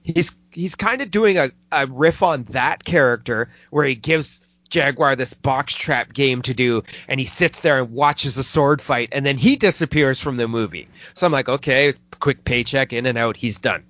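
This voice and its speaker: Male podcast host, casual and irreverent, does quick parody voices. Dry, muffled lo-fi sound. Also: mid-range voice, a bit bright, dry recording. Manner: loose and profane, drops quick mocking impressions into his retelling. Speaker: podcast host reviewing a movie. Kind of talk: casual chat. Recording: dull, dry lo-fi podcast audio.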